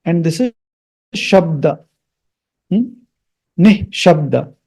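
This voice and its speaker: A man's voice: sits high, moderate pace, warm tone. A man teaching the pronunciation and meaning of Sanskrit mantras, patiently repeating words and checking in with "Hmm?". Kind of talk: explaining and pronouncing mantras.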